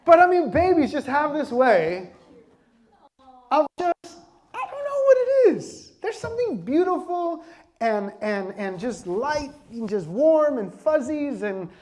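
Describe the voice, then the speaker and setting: A man with a notably high-pitched voice delivers a sermon with lively, conversational energy. He jokes and laughs with the congregation and keeps pulling them in with questions. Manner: lively conversational preaching with constant audience questions. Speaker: pastor.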